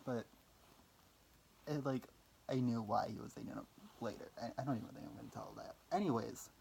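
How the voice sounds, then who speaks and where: A man's voice: mid-range voice, a little fast, gravelly, darkish tone, slight background noise. A young man telling a personal story in a casual vlog, rambling with lots of fillers, swearing casually and making fun of himself. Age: young adult. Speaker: vlogger.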